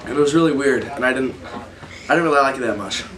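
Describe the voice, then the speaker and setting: A man's voice: medium pitch, fast, fairly bright tone, recorded from a distance, slight background noise. A man rambling awkwardly with lots of filler words in a comic mockumentary interview. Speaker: interviewee in a mock documentary.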